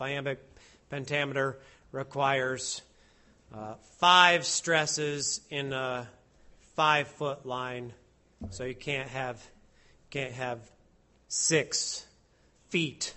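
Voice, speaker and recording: A man's voice: medium pitch, steady tone, extremely slow, pauses often, pushed and bright. A man leading worship as a pastor, reading psalms and preaching a sermon in an earnest, declamatory way. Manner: earnest, declamatory with emphatic rises. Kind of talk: sermon and liturgy.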